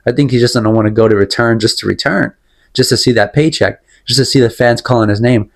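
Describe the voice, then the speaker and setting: A man's voice: mid-range voice, fast, vocal fry. Rambling, emphatic young man ranting. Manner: rambling, emphatic, repeats himself, sips tea while talking. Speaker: MMA commentary vlogger. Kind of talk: casual opinion rant.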